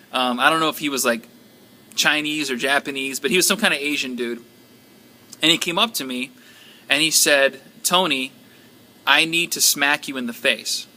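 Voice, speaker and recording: Guy telling his prayer group a testimony, really bright tense voice, halting, lots of ums. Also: mid-range voice. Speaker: church member sharing a testimony.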